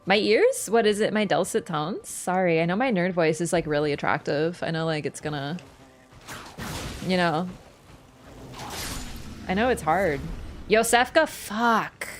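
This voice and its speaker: A woman's voice: lowish voice, expressive, measured pace, pauses often. A young woman streaming a game, chatting casually and answering her chat in a playful way.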